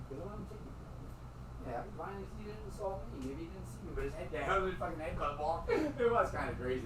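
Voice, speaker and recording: A man tells a loose, wandering story in a somewhat high voice, swearing freely and breaking into laughter. He sounds set back from the microphone, with a faint hiss of noise behind him. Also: distant mic. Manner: rambling and profane, laughing often. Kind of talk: casual storytelling.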